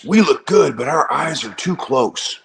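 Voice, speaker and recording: A man imitating a rowdy, exuberant older male rock singer in loud, brash, playful bursts while telling a story. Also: on the high side, expressive, a little slow, creaky, echoey room, voice pushed up, full character voice. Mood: boisterous.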